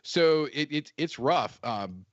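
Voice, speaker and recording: A man's voice: a little high, expressive, takes it slowly, dry recording, muffled recording. A man with a West Virginian accent, co-hosting a podcast in casual chat, rambling with restarts and laughter. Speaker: podcast co-host.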